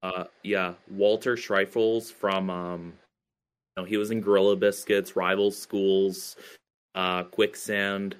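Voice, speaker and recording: Low-voiced man rambling hesitantly. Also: little pitch movement, takes it slowly, clear, resonant tone. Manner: hesitant, many fillers and restarts. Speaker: podcast guest, band singer. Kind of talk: casual interview chat.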